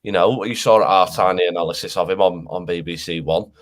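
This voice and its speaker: A man on a football fan panel rants in exasperation and swears freely. His voice sits a little low. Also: brisk. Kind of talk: casual fan panel chat.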